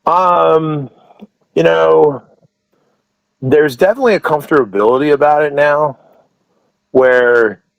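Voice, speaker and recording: A man's voice: medium pitch, smooth, no room sound, muffled recording. A man who owns a wrestling promotion, telling stories as an interview guest in a rambling way, full of restarts and asides. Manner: rambling, many restarts and "you know" asides. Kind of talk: casual interview storytelling.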